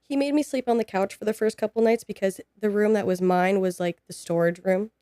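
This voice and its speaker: Young woman telling a story, clear voice. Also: mid-range voice, a little fast, no room sound, clean studio sound. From United States. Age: 20s. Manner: animated, acts out quoted dialogue. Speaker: podcast guest. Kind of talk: casual personal storytelling.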